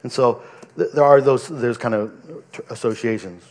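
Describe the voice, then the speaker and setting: Guy pastor preaching, earnest and chatty, mid-pitched voice, keeps restarting. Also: moderate pace, a little mellow, in a large hall. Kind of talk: sermon. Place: church pulpit.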